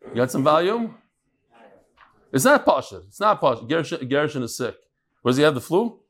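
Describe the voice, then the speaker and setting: A man teaching a daily Talmud class as a rabbi, animated and teasing, joking with his audience as he reads messages and sets riddles. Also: fairly high pitch, moderate pace. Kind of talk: Talmud lesson with joking banter.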